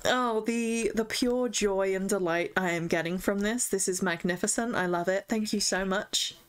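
A woman's voice: medium pitch, moderate pace, few pauses, clear, resonant tone. A young woman chatting casually while playing a game, gushing over what she finds and talking to herself and the in-game animals. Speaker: gaming streamer. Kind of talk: casual gameplay chat.

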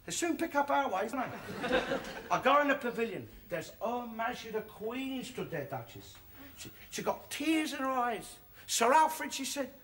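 An actor playing a boastful, bigoted old working-class Londoner with a Cockney accent, ranting loudly in a sitcom monologue. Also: male voice, very high voice, sing-song, moderate pace, heavily acted. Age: older. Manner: loud, bragging, ranting. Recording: sitcom recording with loud background noise and audience laughter.

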